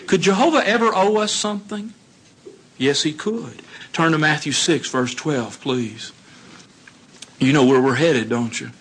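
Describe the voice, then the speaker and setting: A man giving a sermon, telling stories in an animated way and putting questions to his listeners. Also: high voice, breathy edge. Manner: animated storytelling, acts out dialogue, asks the audience questions. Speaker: congregation speaker.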